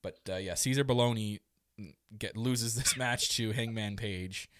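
A man co-hosting a casual podcast chat, excitable and rambling, with quick laughs and restarts. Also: lowish voice, dry recording, studio quality. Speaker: podcast co-host. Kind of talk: casual wrestling recap chat.

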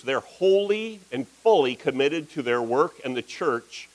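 A middle-aged man preaching a sermon as pastor, telling a story with animated delivery and acting out the voices of the people in it. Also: a little high, poor audio.

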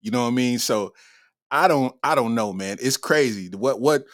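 A man's voice: medium pitch, normal speed, no echo, clean studio sound. A man hosting a comedy podcast, talking in loose slang with frequent laughter and an irreverent tone. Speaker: podcast host. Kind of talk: casual comedic commentary.

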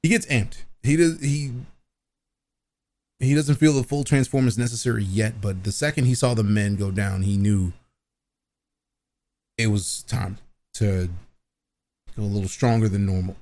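A man playing a tabletop game, describing his character's actions in a casual, halting way. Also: lowish voice, fairly even intonation, a little mellow. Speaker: player.

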